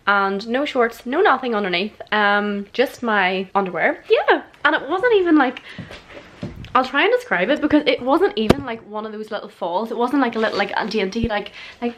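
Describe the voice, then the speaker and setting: A woman's voice: fairly high pitch, expressive, normal speed, fairly bright tone. Gal in her 20s just chatting away, laughs a lot, bit of swearing, echoey room. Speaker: vlogger. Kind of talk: casual chat answering questions. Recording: roomy echo.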